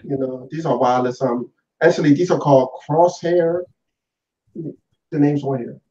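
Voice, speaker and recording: A laid-back man chatting over a gaming headset. His voice is mellow and dark. The sound comes from a distance and is dull and muffled. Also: on the high side, fairly even intonation, normal speed. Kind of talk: casual chat. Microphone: wireless gaming headset.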